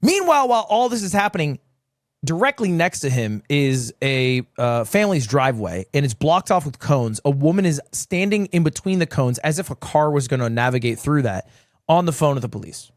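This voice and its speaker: Animated young man telling a story. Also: a little fast, dry recording, clean studio sound. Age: 20s. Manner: animated, jumps from low mutters to high exclamations. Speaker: streamer. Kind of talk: casual storytelling.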